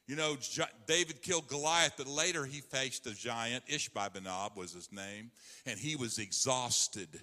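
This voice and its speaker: A man preaching a sermon as a pastor, swinging between loud emphasis and hushed asides. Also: a little high, long reverb tail.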